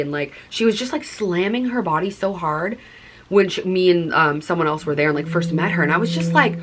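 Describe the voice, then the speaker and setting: A woman's voice: fairly low pitch, lively intonation, fairly quick, husky. A young adult woman vlogger talking earnestly and casually to her viewers, filling her talk with "like". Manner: chatty, earnest, heavy use of "like". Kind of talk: casual confessional chat to camera.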